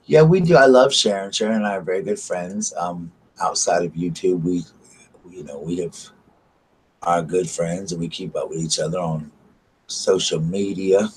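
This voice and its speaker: Deep-voiced and speaking at a normal speed, this man from the Southern United States gushes to his live stream viewers in a casual, filler-heavy chat from his candlelit home at night. The recording is rough, with slight background noise.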